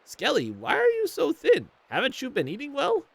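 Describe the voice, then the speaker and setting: Man doing a sweet elderly grandma for a game read-along, high and quavering, swooping pitch. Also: wildly swooping pitch, normal speed, vocal fry, heavily acted. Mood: tender, joyful. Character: frail, tender old grandmother, overjoyed.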